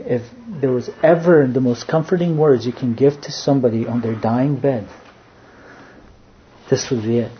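A man preaching a sermon, earnest in tone, dropping to a hush when he quotes. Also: medium pitch. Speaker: pastor. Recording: dull lo-fi sound, faint background noise.

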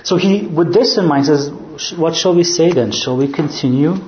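A man preaching a measured, explanatory verse-by-verse sermon, often posing rhetorical questions. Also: on the high side, echoey room, muffled recording, slight background noise.

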